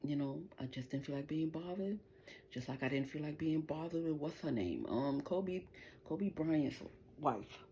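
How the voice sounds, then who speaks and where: A middle-aged woman hosting a livestream launches into an angry, profane, taunting rant aimed directly at the people she's addressing. Her low-pitched voice is warm with lively intonation and normal speed, and the audio has a little hiss or hum.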